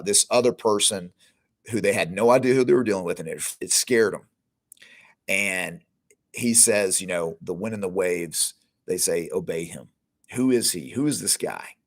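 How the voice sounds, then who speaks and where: A middle-aged man hosting a podcast, giving a conversational Bible teaching that retells scenes with informal quoted lines. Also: on the low side. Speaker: podcast host teaching scripture.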